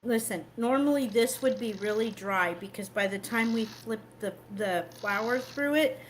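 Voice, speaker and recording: A talkative woman hosting a home cooking stream, her voice sitting a little high. She walks through each step as she works. The audio carries a steady layer of background noise. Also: unhurried, low-quality recording. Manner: chatty, explains each step while cooking. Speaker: cooking show host. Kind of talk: casual cooking livestream.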